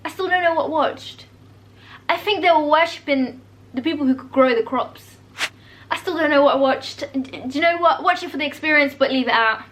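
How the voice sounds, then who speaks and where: A young woman chatting casually and bluntly as a vlogger reviewing films, animated and talkative. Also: high voice, brisk, a little hiss or hum. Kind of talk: casual chat.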